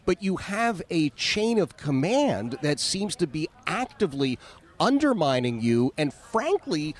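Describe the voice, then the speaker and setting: A man's voice: on the high side, very animated, measured pace. A male radio talk show host interviewing a guest in a folksy way, with many filler sounds and leading questions.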